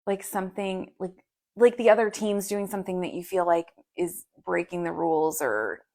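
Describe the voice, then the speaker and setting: A woman's voice: on the low side, moderate pace. A woman in her thirties co-hosting a podcast, telling stories in casual chat with lots of fillers. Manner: animated storytelling with many fillers. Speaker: podcast co-host.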